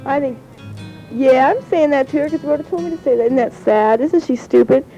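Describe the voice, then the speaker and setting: A woman's voice: high-pitched, brisk, mellow, faint music behind. A teenage girl chatting and giggling as she rambles through a spoken letter recorded on cassette tape. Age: teens. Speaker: high school student. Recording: dull lo-fi 1970s home cassette.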